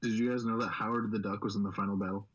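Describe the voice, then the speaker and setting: Swearing, excitable young man. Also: on the low side, rapid-fire, dull audio. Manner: profane, excitable, rambling. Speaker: podcast host. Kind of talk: casual chat.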